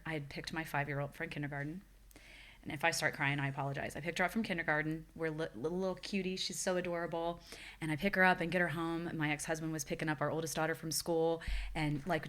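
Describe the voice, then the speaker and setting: A woman's voice: low voice, quick pace, fairly bright tone. A woman in her forties, a guest on a podcast, telling a personal story in an earnest, reflective way. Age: 40s. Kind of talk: personal testimony in a podcast interview.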